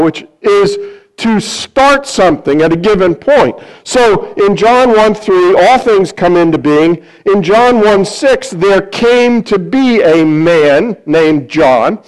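Male pastor, high voice, casual sermon delivery, acts out quoted lines. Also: low-quality recording. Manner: conversational, acts out quoted voices, many restarts. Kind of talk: sermon-style Bible teaching.

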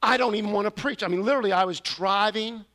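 A man's voice: sits high, fast talker, bright, forceful tone. A man preaching a sermon, telling a personal confession in an earnest, storytelling way with sudden emphatic rises. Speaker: pastor.

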